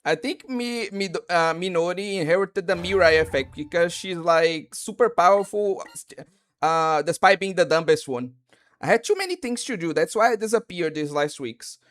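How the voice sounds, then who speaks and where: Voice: medium pitch, expressive, normal speed. A streamer chatting casually through a game, rambling, swearing and filling gaps with "like" and restarts. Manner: rambling, loose and profane, with many "like"s and restarts. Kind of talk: casual live-stream commentary.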